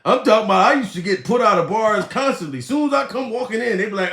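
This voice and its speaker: A male comedian rants in a high, wildly swinging voice, profane and laughing, jumping from shouts to muttered asides. The sound is roomy and echoey. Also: animated, fast talker, hardly any pauses. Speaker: comedian host. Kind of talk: loud comedic rant.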